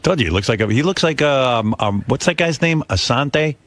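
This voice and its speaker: Lively older man telling a story on radio. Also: medium pitch, a little fast. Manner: animated storyteller acting out quoted voices. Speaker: radio host. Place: radio studio.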